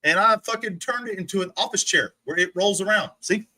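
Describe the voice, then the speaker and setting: A man's voice: high voice, brisk, pushed and bright. A man streaming, ranting and mocking someone with profanity and frequent laughter, from a recliner indoors. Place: indoors, sitting in a rolling recliner.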